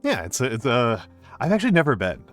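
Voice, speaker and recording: A man's voice: mid-range voice, wildly swooping pitch, fast talker, a bit bright, faint music behind. A man, hosting a stream and chatting casually, rambling with lots of fillers and restarts. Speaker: streamer host. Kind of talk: casual chat.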